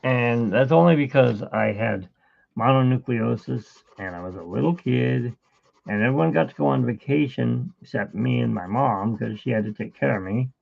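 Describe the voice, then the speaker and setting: Hosting a live drawing stream, a middle-aged man talks in a loose, story-filled ramble. He has a creaky, medium-pitched voice at normal speed, heard through tinny, phone-like livestream audio.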